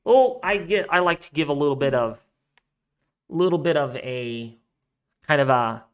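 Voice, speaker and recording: A man's voice: a little high, animated, unhurried, clean tone. A man hosting a weather live stream, chatting casually and rambling as he thinks aloud while reading out viewer donations. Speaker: weather livestream host.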